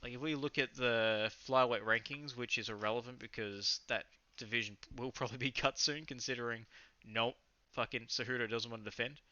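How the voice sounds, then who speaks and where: A young Australian man co-hosts a loose, enthusiastic fight recap, with some swearing and rambling mixed in. His voice is medium in pitch and steady, fairly quick, pushed and bright. The recording is dry, slightly muffled and lo-fi.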